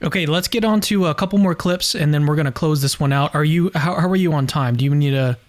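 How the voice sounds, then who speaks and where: A man hosting a discussion, asking questions in a relaxed way with small restarts. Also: a little high, fast, no echo, studio quality. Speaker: host. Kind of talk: casual interview chat.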